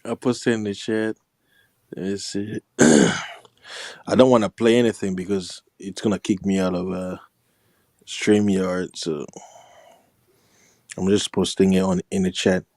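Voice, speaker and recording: Deep-voiced giggly man on a podcast. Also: steady tone, unhurried, long pauses, a little mellow, dry recording, studio quality. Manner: giggly, keeps breaking into laughter and falsetto impressions. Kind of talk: casual podcast chat.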